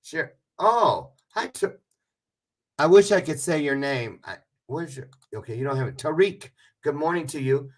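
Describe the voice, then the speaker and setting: Lively chatty man hosting a livestream. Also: fairly high pitch, normal speed. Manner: chatty, joking, rambling with self-aware asides. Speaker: livestream host. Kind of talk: casual livestream chat with viewers.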